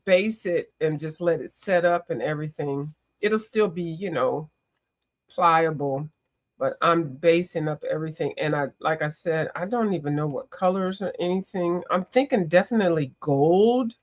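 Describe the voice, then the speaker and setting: A woman whose voice sits low hosts a coloring stream at a moderate pace. Her casual livestream talk is chatty and lively, full of viewer greetings and exclamations.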